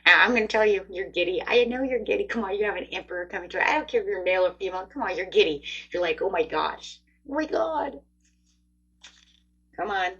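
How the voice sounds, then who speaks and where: A woman giving a casual tarot reading, chatty and excitable, talking straight to her viewers. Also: mid-range voice, racing, hardly any pauses, breathy edge, dull audio. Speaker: tarot reader.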